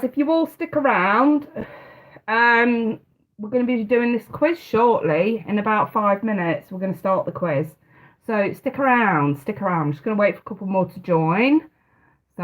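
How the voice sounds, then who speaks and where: A woman's voice: a little high, a bit bright, low-quality recording. A woman, hosting a live tarot stream in casual, hesitant chat and laughing often. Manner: chatty, hesitant, often restarting, laughs a lot.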